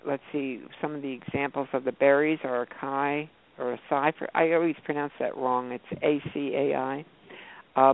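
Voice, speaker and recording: A man hosting a casual health talk show, rambling through food lists with many fillers and restarts. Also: medium pitch. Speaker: host. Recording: phone-like narrow sound.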